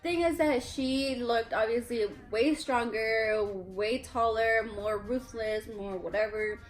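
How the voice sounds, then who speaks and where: A young woman with a Mexican accent tells a workplace story on a casual vlog, her voice sitting a bit high. She's blunt and indignant and swears freely. Faint music plays behind her. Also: slow, rough recording. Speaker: vlogger. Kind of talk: casual storytelling during a mukbang.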